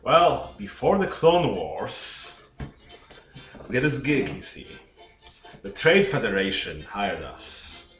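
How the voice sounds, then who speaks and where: A man's voice: mid-range voice, big pitch swings, slow, long pauses, a bit bright. A man playing a tabletop game, telling his group's backstory in a drawling way. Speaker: player. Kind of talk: casual tabletop chat. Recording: echoey room, from far off, faint music.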